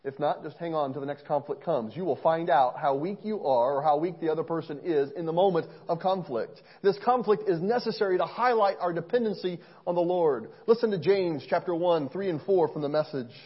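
Man preaching, high husky voice, earnest storyteller, dull muffled recording. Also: fairly quick, few pauses. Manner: earnest, storytelling, swings between soft asides and loud emphasis. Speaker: pastor. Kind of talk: sermon.

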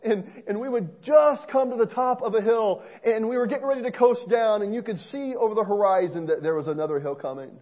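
A man preaching a sermon in an earnest, storytelling way, swinging between soft asides and loud emphasis. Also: high-pitched, fairly quick, few pauses, muffled recording. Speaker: pastor.

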